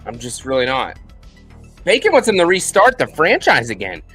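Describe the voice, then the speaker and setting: Man, live-stream host, lively up-and-down delivery, chatty and rambling, faint music under him. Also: fairly high pitch, moderate pace, husky. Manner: chatty, rambling, thanks viewers by name. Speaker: livestream host answering viewer questions. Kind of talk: casual live Q&A chat.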